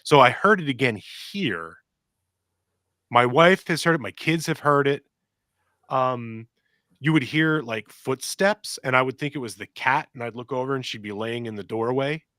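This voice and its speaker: A man's voice: medium pitch, normal speed, no echo, clean studio sound. A middle-aged man telling long, rambling stories on a podcast and acting out voices and sounds as he goes. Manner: rambling, animated, acts out quotes and sounds. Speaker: podcast co-host. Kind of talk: casual storytelling chat.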